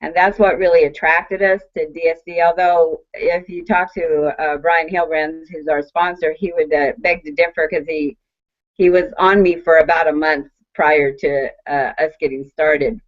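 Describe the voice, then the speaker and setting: An older woman telling an excited testimonial on a call, laughing often and acting out what was said. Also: sits low, normal speed. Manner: bubbly, laughing, acts out quotes. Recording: muffled online call audio.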